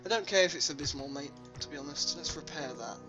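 A man's voice: on the high side, animated, quick pace, lo-fi sound. Rambling young man over game music. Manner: rambling, many ums and uhs. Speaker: let's play host. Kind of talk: casual gameplay commentary.

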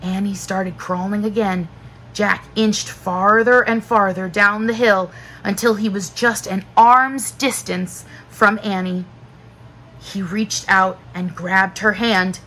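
A woman teacher narrating a children's book aloud in a slow, expressive storytelling manner. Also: medium pitch, a little hiss or hum, low-quality recording.

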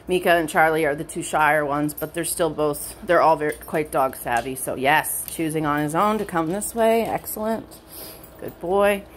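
A woman dog trainer explaining a training session in casual narration at home, switching between high bright praise for her dog and low quiet explanation. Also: moderate pace, slight background noise. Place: indoors at home with pets.

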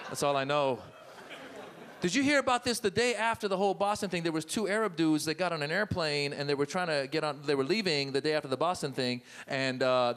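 Brief: middle-aged Iranian-born stand-up comic, bright, forceful voice, slightly high, club mic with faint noise. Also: male voice. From Iran. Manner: animated, jumps into loud put-on voices and mock accents. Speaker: stand-up comedian. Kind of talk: stand-up set with crowd work. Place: comedy club stage.

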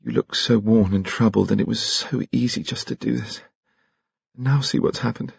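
A frightened, tender young woman speaks in a soft, lifted voice, as a man puts her on in an audiobook. The tone stays husky and close, with a dry, dull sound. Underneath runs a low, gravelly grain. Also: steady tone, moderate pace, no echo, exaggerated voice. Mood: anxious, tender.

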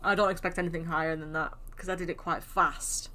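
Speaking a little fast with fairly even intonation, this young woman has a fairly low, bright and forceful voice. She's a gaming YouTuber giving casual, self-deprecating chatter during gameplay, while game audio and hoofbeats sound over her.

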